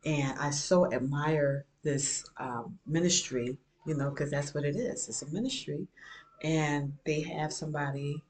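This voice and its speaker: A woman's voice: low voice, measured pace, a little mellow. A middle-aged woman vlogging from her kitchen, rambling in casual chat and peppering her talk with "you know". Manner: rambling, repeats herself, many "you know"s. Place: home kitchen.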